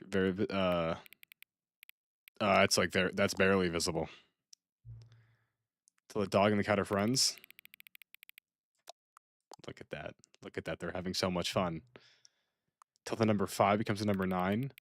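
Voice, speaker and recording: A playful man talks through a game on stream, rambling and circling back to repeat his points. His voice sits fairly low. The sound is dry and close, with no room around it. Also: steady tone, normal speed, pauses often, a bit bright, dry recording. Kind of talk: casual gaming stream commentary.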